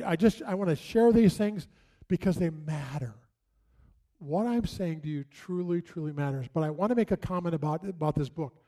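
A man's voice: sits high, warm tone. A man telling a story to an audience, acting out his mother's lines, often repeating himself.

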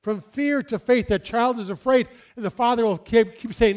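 Man with a high voice giving an outdoor sermon, animated storytelling. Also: moderate pace, few pauses. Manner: animated, acts out stories and quotes. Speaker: pastor. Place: outdoors near trees.

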